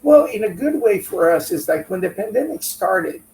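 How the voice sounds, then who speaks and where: High-voiced storyteller man in echoey room. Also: normal speed. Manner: animated, acts out quotes from friends. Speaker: business owner guest. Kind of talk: conversational interview storytelling. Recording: echoey room, a bit far from mic, faint hum.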